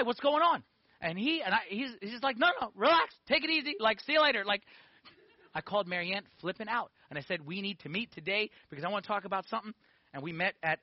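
A man in his forties giving a lively personal testimony in a sermon, peppering it with "okay?" and "like". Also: high-pitched, no echo, highs cut off. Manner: animated storytelling with frequent "okay?" and "like".

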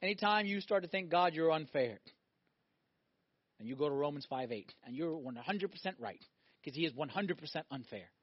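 A middle-aged man preaching a sermon as pastor, animated, swinging between loud emphatic lines and quiet reflective ones. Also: fairly high pitch, moderate pace, husky, no room sound, lo-fi sound.

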